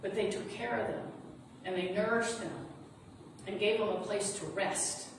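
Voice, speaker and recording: At a measured pace, a mid-range female voice belongs to a reverend recounting a story in a sermon, earnest and soothing in manner. The hall of the spiritual center's sanctuary echoes, and the distant recording is noisy.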